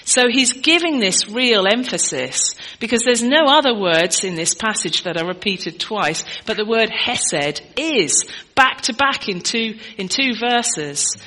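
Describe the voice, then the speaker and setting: Bright-voiced woman preaching a sermon. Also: fairly high pitch, expressive, unhurried, few pauses, low-quality recording. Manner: conversational, teaching, asks the congregation questions.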